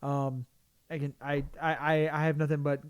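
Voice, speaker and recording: A man's voice: fairly high pitch, little pitch movement, normal speed, smooth, no room sound, studio quality. A man co-hosting a casual podcast, rambling through his thoughts with many restarts. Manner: rambling, full of restarts and fillers. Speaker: podcast co-host.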